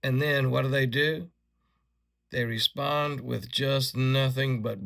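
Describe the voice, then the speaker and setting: A combative man delivering an angry, insulting rant to his audience. His voice is bright and cutting with a gravelly, creaky texture. He trips over himself and restarts when his indignation peaks. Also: medium pitch, steady tone. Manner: halting restarts when agitated. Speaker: video creator. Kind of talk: angry ranting commentary.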